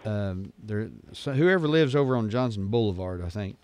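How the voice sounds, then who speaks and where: Male radio host, low voice, loose joking storyteller. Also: animated, normal speed, a little mellow. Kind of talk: casual call-in radio chat. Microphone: studio microphone.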